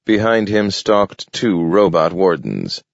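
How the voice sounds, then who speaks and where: A man narrating an audiobook in a measured, even storytelling manner. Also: sits low, gravelly, no room sound, dull audio.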